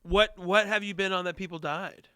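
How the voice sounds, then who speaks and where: Bright, high-pitched male interview host. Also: fairly even intonation, normal speed, clean tone. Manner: reactive, exclamatory interjections. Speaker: podcast host. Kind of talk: casual interview chat.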